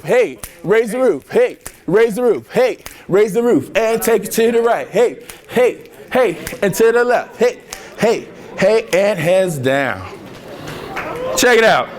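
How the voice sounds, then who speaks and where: A young keynote speaker from Harvey, Illinois, near Chicago, gives an energetic motivational speech to students in a large hall. His voice sits high, and he jokes, uses slangy, playful talk and leads the crowd in call-and-response chants.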